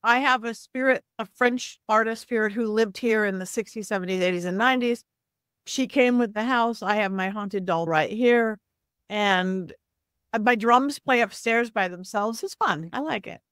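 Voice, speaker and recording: A woman psychic medium guest telling lively stories in a casual interview, often acting out the voices of people she quotes. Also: a little high, smooth, dry recording, clean studio sound. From Southern California. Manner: animated, acts out quoted voices, quick asides.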